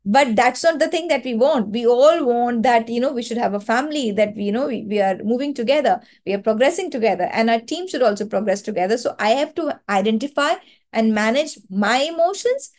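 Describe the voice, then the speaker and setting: A woman's voice: on the high side, animated, a little fast, a little mellow. A woman with an Indian accent leading an online training webinar, talking in an earnest, coaching way and repeating words for emphasis over a video call mic. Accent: Indian English.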